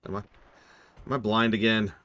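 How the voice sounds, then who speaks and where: A man's voice: on the low side, little pitch movement, moderate pace, a bit bright. A man streaming and reviewing a game in casual, wry, self-deprecating commentary.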